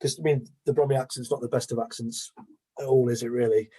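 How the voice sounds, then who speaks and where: Mellow, husky man. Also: mid-range voice, steady tone. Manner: measured, frank, with fillers. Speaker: podcast co-host. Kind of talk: casual film chat.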